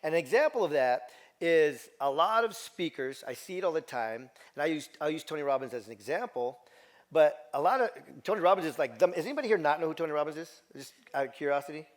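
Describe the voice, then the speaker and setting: A middle-aged man speaking from a stage as a motivational speaker, his voice a little higher than most men's. He talks quickly and with energy, repeating words, restarting sentences and tossing questions out to the crowd. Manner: animated, repeats words and asks the audience questions. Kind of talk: storytelling talk to a live audience. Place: stage before an audience.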